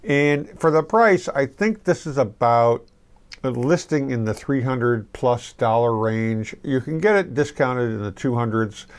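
A middle-aged man giving a casual, rambling fragrance review to camera, relaxed and full of restarts. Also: medium pitch, unhurried, clean tone.

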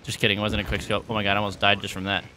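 A young man commentating his video game play, out of breath, excitable and yelling at big moments. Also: on the low side, rapid-fire, a little hiss or hum. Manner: excitable, shouts at big plays, self-mocking. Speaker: gaming YouTuber. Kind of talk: gameplay commentary. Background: game gunfire and explosions.

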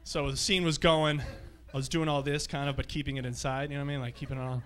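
Telling crude, loosely strung anecdotes, a man performs a stand-up set for a live theatre audience. His mid-range voice is fairly bright and level in tone, and he's a fast talker.

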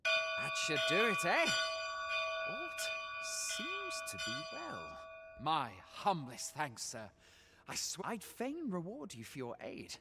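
A man's voice: high-pitched, wildly swooping pitch, slow, very noisy, full character voice. An actor voicing a grateful, down-on-his-luck man in a fantasy game, humble and courteous in old-fashioned speech.

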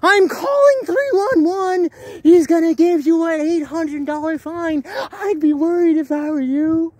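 A man voicing a panicky woman who scolds a stranger at a playground, shrill and alarmed. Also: lively intonation, unhurried, darkish tone, no room sound.

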